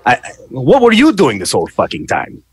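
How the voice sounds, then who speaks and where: A man voicing a weary, exasperated male criminal boss in a tabletop game, grumbling low and bursting into cursing. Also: wildly swooping pitch, brisk, slightly rough.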